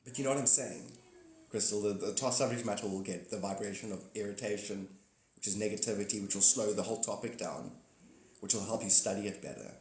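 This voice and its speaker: A man's voice: lowish voice, a little fast, darkish tone. A man hosting a casual live stream, rambling, joking and greeting his viewers by name. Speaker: livestream host. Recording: echoey room with faint ambience.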